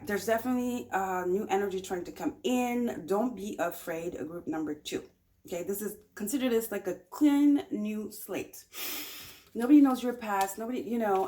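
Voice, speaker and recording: A woman's voice: mid-range voice, normal speed, dark tone. Chatty woman giving a tarot reading. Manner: chatty, encouraging, repeats phrases often. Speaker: tarot reader. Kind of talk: casual pick-a-card tarot reading.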